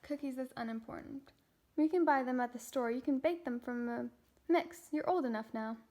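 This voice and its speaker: A young woman voicing a patient, practical mother from a children's storybook, in a gentle read-aloud delivery. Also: high-pitched, moderate pace, lightly acted. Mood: calm.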